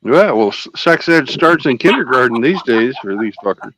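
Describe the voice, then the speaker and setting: A man's voice: mid-range voice, lively intonation, normal speed, crowd noise, poor audio. A man hosting a casual online panel chat, talking bluntly and with profanity. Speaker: panel host.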